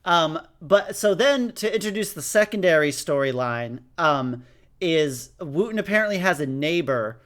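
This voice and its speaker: A man co-hosting a casual podcast, recapping an episode and mocking the characters in quick put-on voices. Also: a little high. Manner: animated, jumps into mocking voices when quoting characters. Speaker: podcast co-host.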